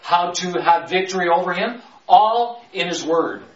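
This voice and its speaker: A man's voice: sits high, lively intonation. Man preaching from a distant mic, roomy. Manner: stretches key words slowly, rushes through asides. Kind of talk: conversational Bible teaching. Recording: roomy, distant, dull sound.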